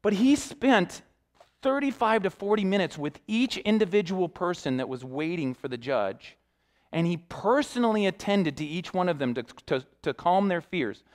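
A young male youth pastor preaching in a church, spinning a personal story with lively animation. His voice sits a little higher than most men's, and he slips into the voices of the people in his story as he goes. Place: church sanctuary.

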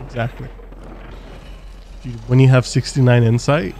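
A man's voice: mid-range voice, fairly even intonation, normal speed, creaky, warm tone, slight background noise. A young man co-hosting a gameplay video, chatting casually and throwing in dry, crude one-liners. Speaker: let's play co-host. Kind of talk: casual gaming chat.

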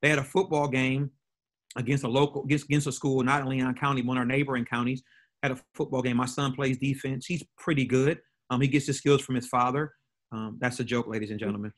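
A man's voice: mid-range voice, level tone, fast talker. A middle-aged man, a pastor, telling a personal story to a church audience in an earnest way that often repeats and restarts words.

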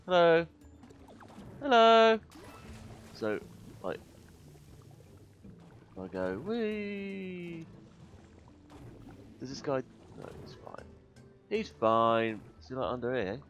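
A man commentating his gameplay, muttering to himself between loud, swearing outbursts, a little tired. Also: fairly low pitch, slow pace, pauses often, muffled recording. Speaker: gaming video host. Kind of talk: let's play commentary. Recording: faint game music behind.

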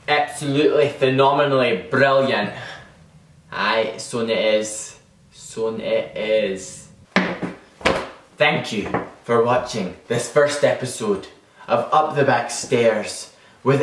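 A man doing a boastful young Scottish vlogger, full of himself and not very bright. He rambles in a slow, unhurried drawl and stumbles over his own words. The voice sounds distant, in an echoey room. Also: mid-range voice, a little hiss or hum. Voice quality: rambling, self-important, stumbling. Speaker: comedy vlogger character. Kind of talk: comedic character monologue.

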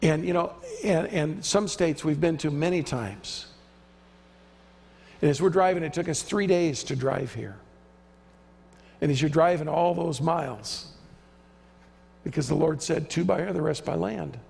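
At a measured pace with long pauses, a visiting preacher delivers an emphatic sermon, voicing those he quotes. His high voice is gravelly yet a little mellow, echoing with the long reverb of a church sanctuary.

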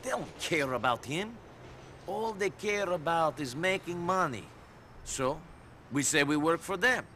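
A man's voice: a little high, animated, measured pace, bright, forceful tone, a little hiss or hum. An actor playing a tough, sarcastic immigrant man in a video game cutscene. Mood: impatient. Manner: sarcastic, dry under threat.

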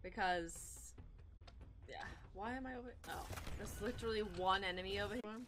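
A woman streaming a game, chatting casually and excitably with her viewers and teammates, laughing often. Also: medium pitch, moderate pace, a little hiss or hum. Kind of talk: casual gaming stream chat.

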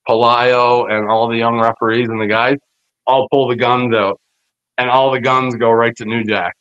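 Chatting casually in an interview, this former wrestler recounts backstage yarns, mimicking others' voices with heavy swearing as a lively storyteller. His mid-range voice has no echo, on dull, low-fidelity podcast audio.

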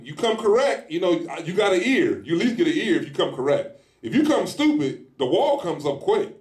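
A man preaching a sermon in a casual, animated style, acting out little scenes as he goes. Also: on the high side, fairly quick, echoey room. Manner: animated, acts out scenes in lively voices; speaks in informal colloquial style. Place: church hall.

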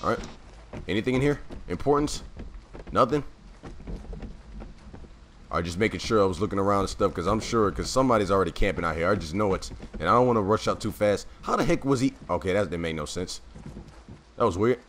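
A low-voiced man rambles through casual gameplay commentary, full of fillers and self-corrections. His voice keeps giving out, and he clears his throat now and then, over a faint hiss. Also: expressive, a little fast, pauses often, a bit bright.

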